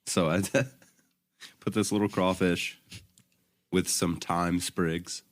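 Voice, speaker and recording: A man's voice: deep voice, steady tone, slow. A young man co-hosting a podcast, telling rambling anecdotes in casual chat and often laughing. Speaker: podcast co-host.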